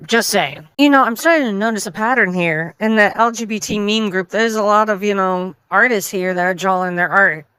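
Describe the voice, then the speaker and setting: A woman's voice: medium pitch, a little fast, hardly any pauses, pushed and bright, smooth, no room sound, rough recording. A woman hosting a casual meme reaction video, chatty and opinionated, reading the memes aloud.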